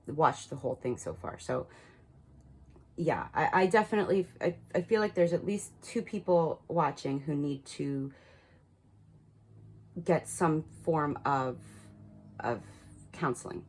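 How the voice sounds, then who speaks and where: A woman's voice: sits low, a little slow, long pauses, darkish tone, breathy edge, poor audio. A woman reading cards and giving frank spiritual advice to her viewers, swearing freely and repeating words for emphasis. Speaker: tarot card reader. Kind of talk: casual spiritual guidance to camera.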